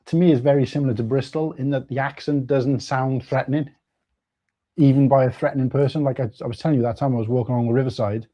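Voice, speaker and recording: Man, stream co-host, mellow voice, rambling casual chat, muffled lo-fi audio. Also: medium pitch. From Wales. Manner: rambling, chatty storytelling with frequent restarts and swearing. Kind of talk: casual chat while building.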